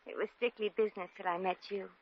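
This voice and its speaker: An actress playing a brash, slangy American shop girl in a 1950s radio drama, quick with wisecracks. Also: medium pitch, steady tone, a little hiss or hum, close to an everyday voice. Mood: wry. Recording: dull old radio recording.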